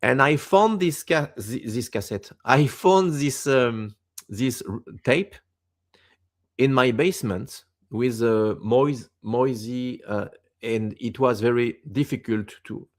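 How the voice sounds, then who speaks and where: This medium-pitched man, a native French speaker from France in his fifties, has a Quebec French accent. As a guest in a casual interview, he speaks English haltingly and gropes for words.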